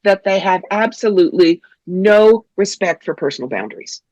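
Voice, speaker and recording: Blunt, lively woman from New York with a dry close sound, for a guest spot. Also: mid-range voice, normal speed, dry recording, lo-fi sound. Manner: blunt, animated, funny storyteller. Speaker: psychic, guest. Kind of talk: interview, storytelling.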